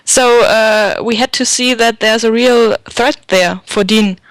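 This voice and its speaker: A woman from Bavaria with a German accent, a guest chatting casually on an online radio show, pausing often with "uh" fillers. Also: on the high side, fairly even intonation, dry recording. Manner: hesitant, many "uh" fillers. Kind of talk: casual podcast chat.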